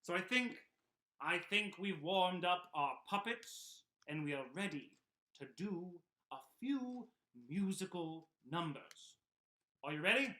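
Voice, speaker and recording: A man teaching a children's puppet and sing-along lesson at home, speaking gently and encouragingly. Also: high voice, expressive, a little slow. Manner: gentle, encouraging, talks to kids. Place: home room.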